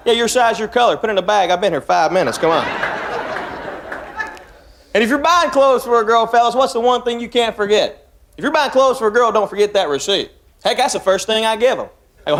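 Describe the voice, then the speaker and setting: Man, stand-up comedian, conversational, jokey, fairly high voice, lively pitch. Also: quick pace, noisy background. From Tennessee, USA. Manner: casual, joking storyteller addressing the crowd. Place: comedy theater stage.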